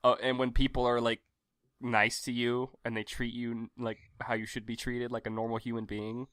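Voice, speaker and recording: A man's voice: mid-range voice, flat delivery, moderate pace, a bit bright, smooth, no echo, studio quality. A man co-hosting a casual podcast, laid-back and agreeable with the others. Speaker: podcast co-host. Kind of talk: casual chat.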